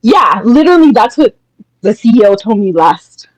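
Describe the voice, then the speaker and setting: Calling in to a podcast, this woman gets animated as she recounts something from work, imitating what her coworkers said in put-on voices. She talks at a medium pitch and a moderate pace, and the audio is poor, though free of echo.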